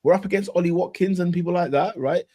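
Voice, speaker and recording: A man co-hosting a podcast, talking football casually and acting out his own reactions with animated emphasis. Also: high voice, quick pace, breathy edge, no echo, clean studio sound. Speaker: podcast co-host.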